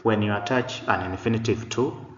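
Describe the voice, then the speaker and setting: A man's voice: fairly low pitch, moderate pace. A man teaching an online English pronunciation lesson, explaining patiently and repeating himself, with many "uh" fillers. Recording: echoey room, dull lo-fi sound, faint noise.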